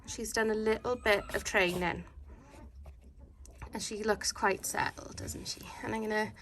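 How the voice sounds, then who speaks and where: A woman dog breeder in a casual home vlog, talking in a calm, steady, instructive way from her living room. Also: mid-range voice, a little slow, slight background noise.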